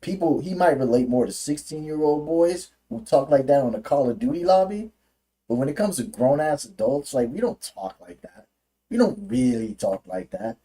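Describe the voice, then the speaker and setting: A man's voice: on the high side, lively intonation, moderate pace, warm tone, breathy edge. A man ranting through political commentary on a livestream, profane and heated, often restarting his sentences.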